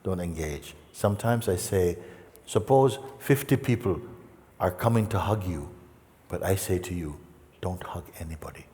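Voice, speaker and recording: Male spiritual teacher, low-pitched, gentle and playful, recorded in a hall with long reverb. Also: expressive, slight background noise. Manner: gentle, playful, with long pauses and soft asides. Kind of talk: satsang talk.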